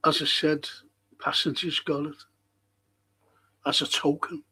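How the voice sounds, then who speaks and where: A man hosts a casual live stream, chatting in a rambling, unhurried way. His voice sits a little high for a man, and he takes his time between thoughts. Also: little pitch movement, sharp tone, breathy edge, rough recording. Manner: chatty, rambling, reads out viewer comments.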